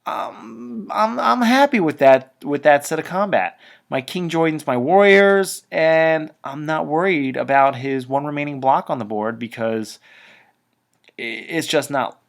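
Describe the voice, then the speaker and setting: A man's voice: a little high, a little slow, creaky. A man casually recapping a tabletop wargame match as battle reporter, chatty, talking in stop-start bursts with trailing asides.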